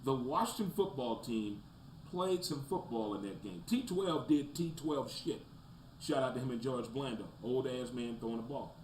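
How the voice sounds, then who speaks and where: Animated man ranting about football, roomy echo. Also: normal speed. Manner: animated, swings from loud rants to low mutters. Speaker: sports talk show host. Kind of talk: casual sports commentary. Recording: roomy echo, faint background noise.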